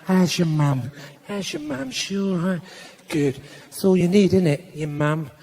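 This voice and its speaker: A man's voice: sits high, expressive, measured pace, a little mellow, pitched below the performer's own voice, exaggerated voice. A comedian voicing a friendly Cockney man whose cheerful questions turn threatening, in a noisy live theatre with a crowd. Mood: menacing chummy.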